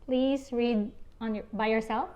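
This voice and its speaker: Filipino lady teacher, slow and patient, mixes english and tagalog, kinda high voice. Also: steady tone, warm tone, dull audio. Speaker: Korean language teacher. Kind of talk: online language lesson.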